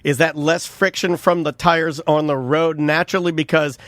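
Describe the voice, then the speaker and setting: A man's voice: fairly high pitch, steady tone, a bit bright, dry recording. A man co-hosting a night talk radio show, joking and riffing in casual banter from a studio mic. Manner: joking, quick to riff and do silly voices. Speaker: radio co-host.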